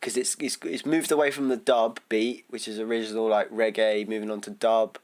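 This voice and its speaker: A British man co-hosting a podcast in relaxed, joking chat. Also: lowish voice, brisk. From Britain. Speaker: podcast co-host. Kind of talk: casual chat.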